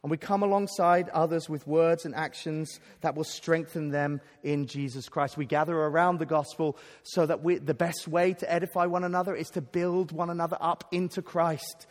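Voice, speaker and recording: A man's voice: a little high, steady tone, moderate pace, few pauses. A man preaching a sermon at a conference, earnest and emphatic, often stumbling over and restarting his words. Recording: long hall reverb.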